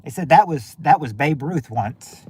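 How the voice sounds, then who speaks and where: A man's voice: fairly high pitch, expressive, moderate pace, a little mellow, breathy edge. A man hosting a casual game-night stream, chatting loosely with viewers and often restarting his sentences. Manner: rambling, many restarts and fillers.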